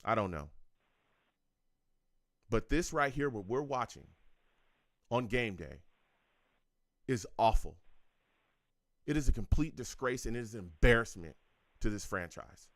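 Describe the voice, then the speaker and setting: On a live sports call-in radio show, the host rants in a heated, exasperated way, repeating himself. His medium-pitched voice is expressive and measured, with long pauses and no echo.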